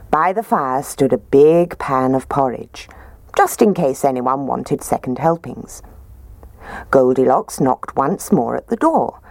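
A woman reading a children's story aloud in a gentle, expressive way. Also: extremely low pitch, no room sound.

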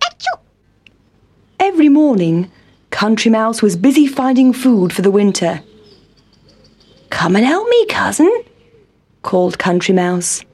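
A woman calmly reading a children's story. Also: mid-range voice. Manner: calm, measured. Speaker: narrator.

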